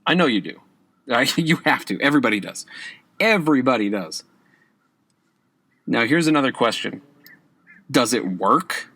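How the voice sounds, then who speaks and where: A man with a mid-range voice speaks at normal speed with lively intonation and long pauses; his delivery is pushed and bright, slightly rough, with no echo. He hosts a podcast of casual exam-prep guidance, repeatedly asking "okay?" of his listeners and stressing key words with rising emphasis.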